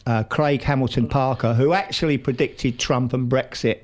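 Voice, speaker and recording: A man's voice: mid-range voice, steady tone, moderate pace, a little mellow. A New man co-hosting a podcast, telling stories in casual banter and laughing often. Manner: chatty storyteller, laughs often. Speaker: podcast co-host.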